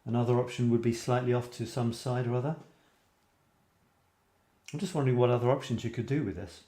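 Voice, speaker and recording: A man's voice: mid-range voice, steady tone, brisk, dark tone. A man hosting a casual photography live stream, reading out viewer comments and musing aloud with fillers and restarts. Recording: roomy echo.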